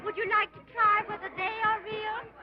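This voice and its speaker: A giggly young carnival-goer. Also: female voice, very high-pitched, little pitch movement, moderate pace, over music, crowd noise. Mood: playful. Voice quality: giggly, playful. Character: cheerful young woman at a carnival. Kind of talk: 1930s film acting. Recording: noisy lo-fi 1930s film sound.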